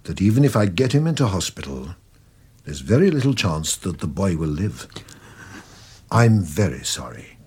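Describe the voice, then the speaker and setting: A man playing a calm, formal doctor in a vintage radio drama, measured, courteous and sombre. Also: deep voice, husky, exaggerated voice. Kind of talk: 1940s radio acting.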